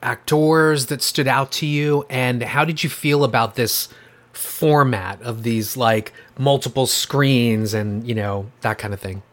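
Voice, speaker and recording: A man's voice: medium pitch, a little slow. A man hosting a movie podcast in casual chat, easygoing and laughing as he asks his guests questions. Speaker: podcast host.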